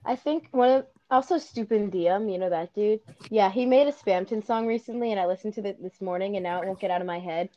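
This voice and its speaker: A woman's voice: medium pitch, a little fast, few pauses, dark tone. Emphatic woman co-host on a lo-fi call. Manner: rambling, emphatic, argumentative. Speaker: podcast co-host. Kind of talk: casual chat on a video call. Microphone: video call.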